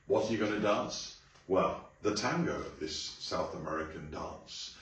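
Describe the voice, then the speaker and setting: A man teaching a song to a class, explaining casually and bursting into loud sung phrases. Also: deep voice, lively intonation, measured pace. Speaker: music teacher. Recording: echoey room, mic at a distance.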